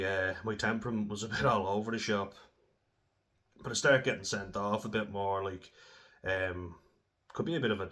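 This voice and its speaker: A man's voice: fairly low pitch, fairly bright tone. A young man telling blunt, sweary stories in a casual way, often laughing as he talks. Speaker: former rugby player. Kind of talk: casual storytelling.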